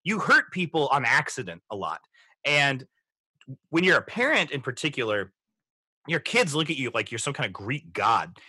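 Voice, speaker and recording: A man in his thirties hosting a podcast, reflecting in a halting way with many restarts as he talks through a film. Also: mid-range voice, big pitch swings, sharp tone, breathy edge, no room sound. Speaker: podcast host. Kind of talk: casual movie discussion.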